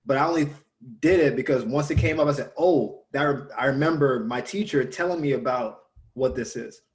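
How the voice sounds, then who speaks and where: A man in casual conversation, telling a story and lively when he quotes others. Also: mid-range voice, brisk.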